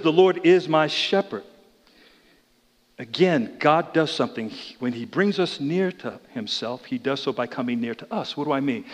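A pastor delivers his sermon in a somewhat higher male voice, full of energy as he climbs loud and falls quiet again. He talks straight to the congregation with questions and asides, and his words ring out with the long reverb of a church hall. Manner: dynamic preaching, swinging between loud raised passages and quiet low ones. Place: church sanctuary.

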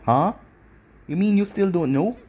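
Man putting on a gloating young ninja villain, raised husky voice, swings up and down, mocking taunts, faint music under. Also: sits high, expressive, a little slow, a little mellow, pitched above the performer's own voice. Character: cruel smug young male ninja hero gone dark.

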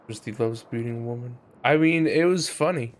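Laughing frequently and joking with plenty of swearing, this young man gives casual live commentary on his game. He speaks a little fast at a medium pitch.

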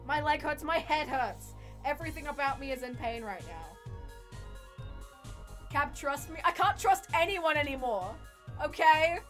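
A young woman streaming a video game, excitable and loud, who swears often and keeps squealing and exclaiming. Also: high voice, moderate pace, faint music behind. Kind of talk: live gaming stream commentary.

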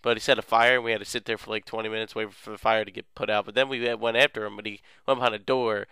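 Young male let's play host, goofy and rambling. Crisp, dry voice. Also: lowish voice, level tone, very fast, bright, forceful tone, no echo. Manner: rambling, goofy, lots of filler words. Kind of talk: casual game recap.

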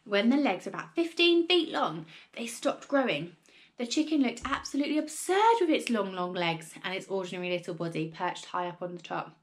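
A woman teacher reading a children's book aloud with expressive storytelling. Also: fairly low pitch, normal speed.

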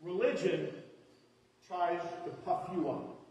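Man preaching a casual, rambling sermon to a congregation; fairly high voice, heard from a distance. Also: expressive, measured pace, warm tone. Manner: conversational, rambling, with many fillers and restarts. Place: church hall before a live congregation. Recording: echoey hall from far off.

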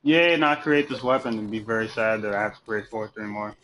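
A man streaming a video game and chatting with friends in a voice party, profane and joking, laughing often and swinging into loud mock outrage. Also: fairly low pitch, brisk, a little hiss or hum. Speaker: gamer streaming live. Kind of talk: casual gameplay chat with friends in a voice party.

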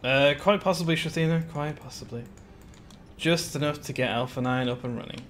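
A man's voice: on the high side, fairly quick, fairly bright tone, a little hiss or hum. A man chatting casually on a live stream while building in a game, greeting viewers by name with giggly asides.

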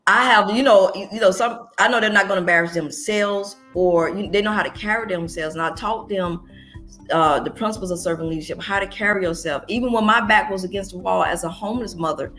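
A woman's voice: mid-range voice, a bit bright. A middle-aged woman, a pastor and interview guest, telling her story earnestly in conversation, often restarting her sentences.

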